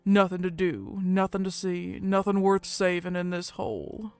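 A woman voicing a resentful young male minotaur with a British accent, speaking loudly, slowly and bitterly. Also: on the low side, flat delivery, clear, resonant tone, soft background music. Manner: loud, slow and bitter.

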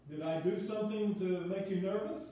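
Dry, fumbling composer with a mellow voice, as a man reads him; heavy echo, off-mic. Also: high voice, fairly even intonation, natural voice. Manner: dry, hesitant, with filler pauses. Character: awkward, dry successful male composer. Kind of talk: reader's theater play reading. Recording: echoey room, far from the mic.

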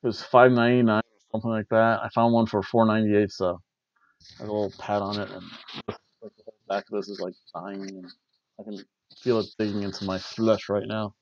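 A man's voice: on the low side, little pitch movement, fairly quick, lo-fi sound, a little hiss or hum. A man hosting a wrestling review show, rambling casually with wry asides on a cheap worn lapel mic. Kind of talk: casual chat.

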